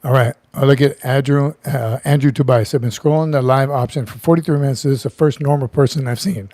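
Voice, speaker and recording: A man's voice: medium pitch, fairly quick, hardly any pauses, mellow, no room sound. A middle-aged man hosting a casual livestream, chatty, joking and greeting viewers by name. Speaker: livestream host.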